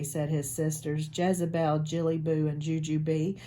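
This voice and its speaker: A woman reading a picture book aloud to schoolchildren in a school office, chatty and expressive. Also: low-pitched, normal speed, hardly any pauses.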